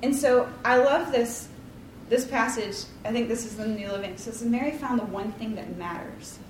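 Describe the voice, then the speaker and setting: A woman with a highish voice and moderate pace leads a casual devotional talk as a Bible study leader, chatty and meandering, with many likes and ums and a self-deprecating tone. The mic is distant in a roomy space, with faint ambience and slight background noise.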